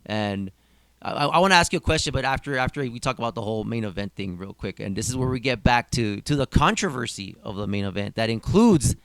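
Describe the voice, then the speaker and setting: A man hosting a podcast, recapping a wrestling show in an animated, theatrical way and addressing listeners directly. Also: mid-range voice, fast, creaky, clear, resonant tone, no echo. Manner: animated, theatrical recap with mock-dramatic asides. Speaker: podcast host. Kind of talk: casual podcast chat.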